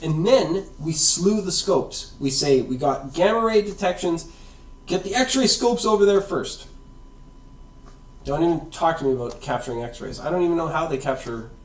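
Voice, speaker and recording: In a fairly high-pitched, darkish voice, a man hosting a science video rambles casually through an explanation, checking in with "right?" and "okay?" The audio echoes, coming from far away from the mic in a roomy space.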